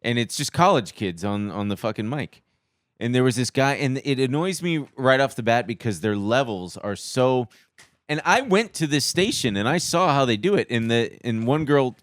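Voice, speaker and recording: A man co-hosting a podcast, telling animated stories in casual chat and mimicking other people's voices. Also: mid-range voice, normal speed, no room sound. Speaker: podcast co-host.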